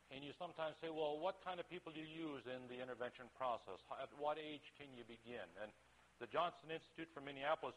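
A man's voice: mid-range voice, a bit bright, slight background noise, low-quality recording. An older man, a retired pastor, giving a folksy talk on family intervention and acting out the people in his stories. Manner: folksy storytelling, acts out quoted voices.

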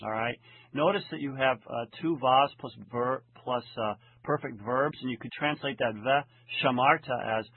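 A man teaching a lecture, translating a text verse by verse in a deliberate, methodical way and slowing down to read the original lines. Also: husky, no room sound. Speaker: Hebrew Bible teacher. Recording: tinny phone-like low-fidelity audio.

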